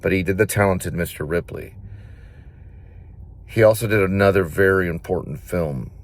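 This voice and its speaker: A man's voice: sits low, moderate pace. A man who acts, telling rambling stories to the camera in a casual vlog, repeating himself as he goes. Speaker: actor and vlogger.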